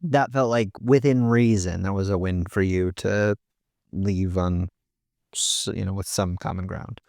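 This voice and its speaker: A man's voice: low voice, steady tone, unhurried, creaky, darkish tone, no room sound, studio quality. A man co-hosting a podcast, asking prompting follow-up questions in a casual conversation. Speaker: podcast co-host.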